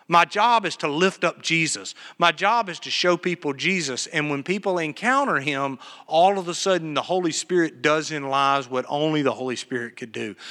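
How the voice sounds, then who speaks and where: A man's voice: on the high side, pushed and bright, long reverb tail. A man preaching a sermon live in church, telling stories and asking his congregation questions. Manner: earnest storytelling preacher, asks the congregation questions. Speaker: pastor. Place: church sanctuary, live service. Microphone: PA microphone.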